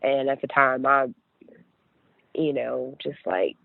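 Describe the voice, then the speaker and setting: A woman's voice: extremely low pitch, steady tone, a little slow, gravelly, no echo. A young woman from West Virginia, a podcast guest, telling her personal story in a chatty way full of "like" and "you know". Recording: tinny phone-line audio.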